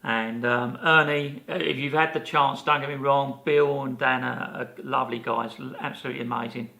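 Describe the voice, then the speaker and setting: Older man, podcast co-host, gravelly and bright-toned, chatty storyteller. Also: medium pitch, normal speed. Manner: animated anecdote teller, many fillers and restarts. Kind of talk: casual storytelling chat.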